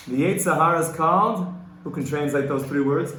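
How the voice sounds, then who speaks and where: A man teaching a Torah class to a small group, earnest and rhythmic, swelling louder and higher to stress his points. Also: moderate pace. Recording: echoey room, faint room ambience.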